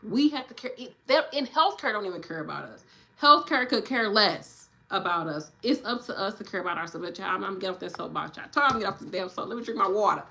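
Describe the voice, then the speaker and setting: A woman nurse in her thirties chatting casually on a livestream, animated and preachy, addressing viewers directly. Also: mid-range voice, fast talker, creaky, a little hiss or hum. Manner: animated, preachy, talks straight to viewers with "y'all" and "child".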